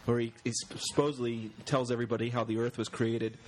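A man's voice: medium pitch, little pitch movement, fast talker. Rambling man in casual podcast chat. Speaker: podcast co-host. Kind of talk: casual banter.

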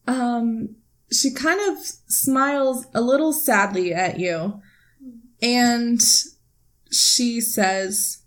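A woman game master narrating a tabletop role-play in a steady, descriptive way. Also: a little high, extremely slow.

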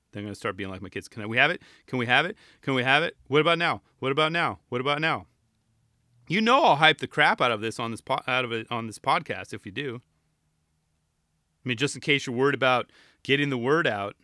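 Joking, rambling bright-voiced man. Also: mid-range voice, no echo, clean studio sound. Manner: rambling, joking, animated asides. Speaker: podcast host. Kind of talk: casual chat reviewing a magazine.

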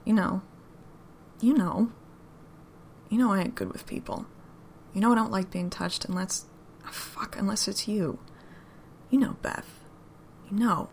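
A woman voicing a gruff, guarded man who talks in terse, drawling phrases. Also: medium pitch, measured pace, pauses often, a little hiss or hum, natural voice. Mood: halting. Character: gruff rough-edged man, guarded and blunt.

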